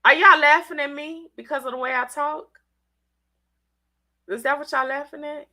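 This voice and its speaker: A woman hosting a casual livestream, talking straight to her viewers in an animated, chatty way, congested from a cold, with country-sounding speech. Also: high-pitched, normal speed. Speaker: livestream host.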